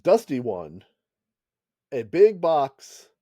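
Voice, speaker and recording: Mellow-voiced man, lively rambling chat. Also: a little high, extremely slow, dry recording. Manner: rambling, laughs often. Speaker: podcast co-host. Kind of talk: casual chat.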